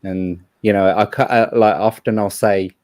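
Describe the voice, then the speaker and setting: A man's voice: fairly low pitch, steady tone, normal speed, a little mellow, no room sound. A man from Birmingham with a Brummie accent, chatting casually and joking dryly on a livestream. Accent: Birmingham English. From Birmingham, England. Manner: dry, joking, uses British slang. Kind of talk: casual chat.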